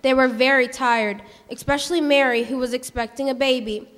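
Woman, high voice, storybook narrator, gentle, hall reverb. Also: steady tone, a little fast.

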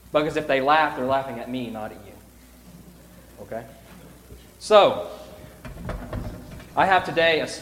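A man directing a children's pageant in a church sanctuary, reading a storybook aloud with playful swings between loud cries and hushed whispers. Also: fairly high pitch, slight background noise. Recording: echoey hall reverb, faint room ambience.

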